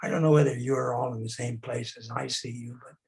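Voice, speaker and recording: An older man instructs a group over a video call in playful clown-face exercises, coaxing them and modeling sighs and growls. His medium-pitched voice is steady and brisk, a little mellow, with vocal fry.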